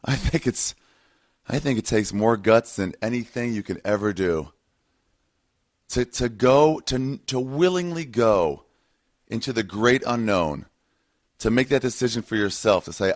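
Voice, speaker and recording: A man's voice: on the low side, lively intonation, a little slow. A man hosting his podcast, rambling through a casual intro with many ums and uhs. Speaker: podcast host.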